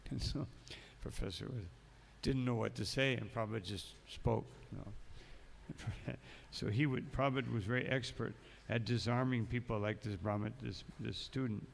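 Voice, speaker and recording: His gravelly, medium-pitched voice holds fairly even intonation at normal speed as he gives a monk's morning sermon, telling stories and reading passages before adding asides. There's slight background noise, and the long temple hall echoes.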